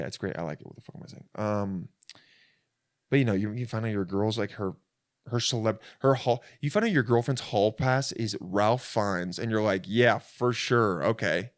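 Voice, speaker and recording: A man's voice: on the low side, normal speed, pauses often, no room sound, clean studio sound. Rambling, crude young comic man. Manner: crude, self-interrupting, rambling. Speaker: podcast host. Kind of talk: rambling comedic monologue. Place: on a bed in a rental apartment.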